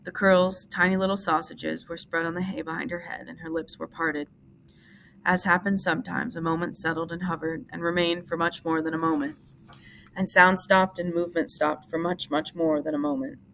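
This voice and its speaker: A woman teacher reads a novel aloud in a steady, measured way. Her voice sits low and carries a gravelly fry, and a faint hiss lies under it. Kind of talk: audiobook-style reading for class.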